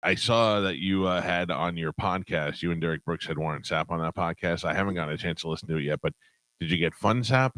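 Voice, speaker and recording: A middle-aged man hosting a morning radio show, joking in rapid, crude banter. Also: low-pitched, fairly bright tone, no room sound.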